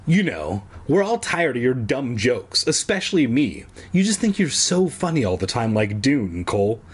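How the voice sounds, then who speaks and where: A man reading aloud, voicing a sharp-tongued young girl who scolds her brother. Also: medium pitch, very animated, moderate pace, husky. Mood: scolding. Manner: snappy, scolding.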